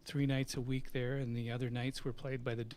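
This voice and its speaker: Animated middle-aged man telling stories. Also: medium pitch, fairly quick, slight background noise. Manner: animated anecdote-telling, acts out quoted voices, laughs often. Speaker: guest, company CEO and musician. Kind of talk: casual storytelling in a live Q&A.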